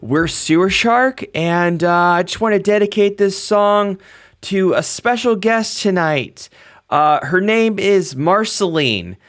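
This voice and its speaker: A man voicing a burly, bearded male rock guitarist who announces from the stage, loud and showy. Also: high-pitched, animated, slow, pitched above the performer's own voice, heavily acted. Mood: hyped.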